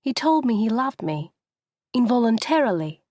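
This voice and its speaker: A woman reading the part of a naive nineteen-year-old girl, soft and hesitant. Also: a little high, sing-song, moderate pace, no room sound, studio quality, voice pushed up. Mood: coy.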